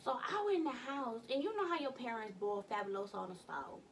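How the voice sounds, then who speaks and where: A young woman vlogging from her bedroom, telling a story in an animated, slangy way with some cussing. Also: on the high side, fairly quick, creaky, recorded from a distance, slight background noise. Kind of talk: casual storytime vlog.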